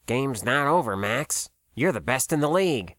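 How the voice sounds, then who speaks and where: A man's voice: mid-range voice, expressive, moderate pace, fairly bright tone, no room sound, clean studio sound, close to an everyday voice. A man voicing a younger male cook who sounds sheepish and defensive in an audiobook. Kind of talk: audiobook character voice.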